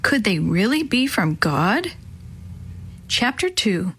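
A woman narrating a children's book in a clear, measured way. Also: medium pitch, big pitch swings, fairly bright tone. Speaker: audiobook narrator.

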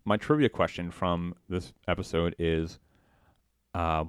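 Deep-voiced man rambling in casual chat. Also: unhurried, clear, resonant tone, no room sound, studio quality. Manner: rambling, quoting cartoon lines in excited bursts. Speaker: podcast co-host.

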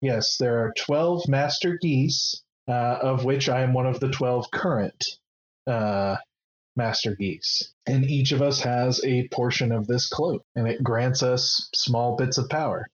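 A man voicing a calm, guarded woman guild master who bargains in a measured, deliberate way, on a slightly muffled recording. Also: mid-range voice, lightly acted.

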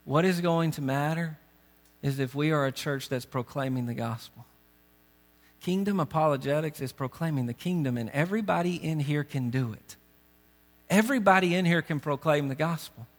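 Male pastor, earnest and urgent, slightly high voice, sermon with a ringing hall. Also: normal speed. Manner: earnest, urgent preaching with direct questions to the congregation. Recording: long reverb of a big hall.

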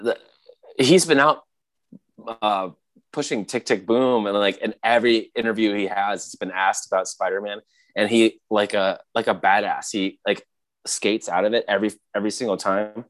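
A man in casual chat, retelling scenes excitedly with frequent laughter. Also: lowish voice, normal speed.

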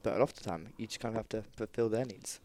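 A man's voice: on the low side, racing, darkish tone, a little hiss or hum. A man co-hosting a podcast, joking along and talking casually about his work. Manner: laughing easily, joking along. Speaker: podcast co-host.

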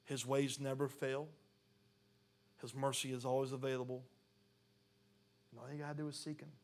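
Guy preaching a sermon, kinda gravelly, reads the verses then really leans into it. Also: mid-range voice, flat delivery, moderate pace, darkish tone. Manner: reads scripture aloud, then preaches with rising intensity. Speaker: pastor.

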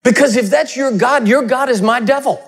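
A man's voice: extremely high pitch, normal speed, husky. A man preaching a sermon, telling funny stories in a conversational way. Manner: humorous storytelling, conversational.

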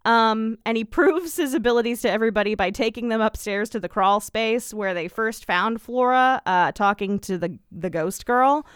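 A woman's voice: on the high side, moderate pace, hardly any pauses, clear, resonant tone, no room sound, clean studio sound. A woman co-hosting a podcast, recapping a TV episode in casual, rambling chat full of ums and playful asides. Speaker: podcast co-host.

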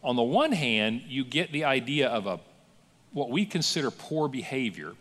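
A man preaching a sermon as pastor, telling stories with lively acted-out quotes in a church. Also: mid-range voice, normal speed, in a large hall. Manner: animated storytelling with acted-out quotes. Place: church sanctuary.

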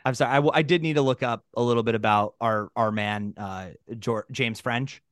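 A man's voice: mid-range voice, fairly quick, smooth, dry recording. A man co-hosting a podcast, casual comedic banter in a loose, profane, jokey way. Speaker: podcast co-host.

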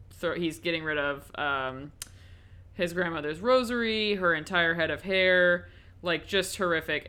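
A woman's voice: fairly low pitch, sharp tone, clear, resonant tone. A woman giving a casual, chatty recap and review of a horror film, with frequent ums and likes.

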